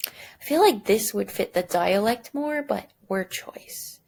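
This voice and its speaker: A woman's voice: mid-range voice, animated, slow pace, vocal fry, darkish tone. A woman teacher giving a recorded lesson, chatty and self-deprecating, thinking aloud as she goes.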